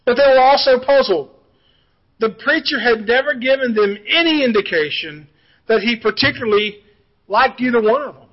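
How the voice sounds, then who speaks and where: A man's voice: very high-pitched, expressive, moderate pace, lo-fi sound. A man preaching a sermon as pastor, telling joke illustrations and then turning earnest. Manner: storytelling preacher, jokey asides then earnest.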